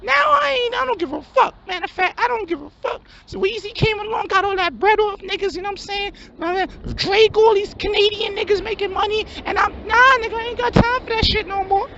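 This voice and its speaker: A man voicing a loud, scornful male street hustler in a comedy skit, brash and yelling. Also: very high-pitched, a little fast, creaky, few pauses. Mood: scornful, angry. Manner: brash, yelling, swearing constantly. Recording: dull lo-fi, faint hum.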